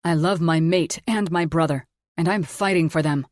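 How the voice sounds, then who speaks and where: A woman's voice: deep voice, lightly acted. Woman playing a hot-headed young wolf brother. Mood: pleading. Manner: defensive, pleading, quick to anger. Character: young male wolf shifter, loyal, hot-tempered brother. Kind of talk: audiobook character voice.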